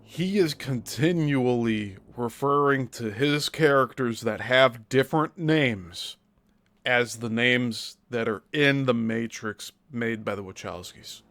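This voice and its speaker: A man's voice: medium pitch, slow pace, fairly bright tone. A male host giving critical commentary on a played clip, explaining his points step by step.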